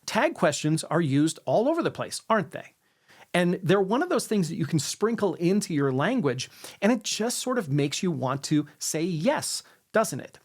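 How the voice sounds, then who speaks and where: In a sing-song voice at normal speed, a man teaches sales influence techniques in an instructional talk to camera. He demonstrates intonation, frequently tagging sentences with "right?" and letting them fall to a lower note at the end.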